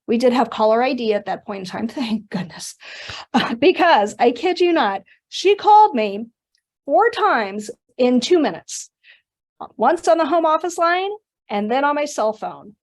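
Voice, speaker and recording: A fairly high-voiced middle-aged woman leads a webinar and talks straight to her audience. She tells her stories with animation and drops in casual asides as she goes. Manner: animated storytelling with conversational asides. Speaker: workshop presenter. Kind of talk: webinar presentation.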